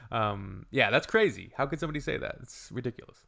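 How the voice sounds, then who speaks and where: A man's voice: medium pitch, lively intonation, quick pace, creaky, bright, forceful tone. A man from Canada hosting a reaction video, making wry, joking asides. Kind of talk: casual reaction commentary.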